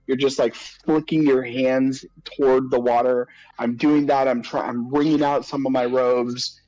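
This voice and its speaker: A man's voice: medium pitch, darkish tone, low-quality recording. A man playing a tabletop game, describing his character's actions in a rambling way with many fillers. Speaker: player.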